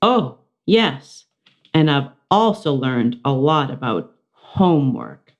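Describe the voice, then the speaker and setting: A woman reading a children's chapter book aloud, giving the characters expressive voices. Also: very deep voice, slow, lo-fi sound. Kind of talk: children's storybook read-aloud.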